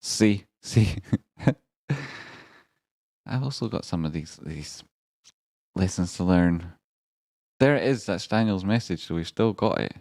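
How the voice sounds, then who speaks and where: Deep-voiced rambling man streaming. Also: slow, pauses often, no room sound, clean studio sound. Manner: rambling and excitable, swearing, swings between grumbling and hype. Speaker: stand-in livestream host. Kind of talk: casual live-stream chat.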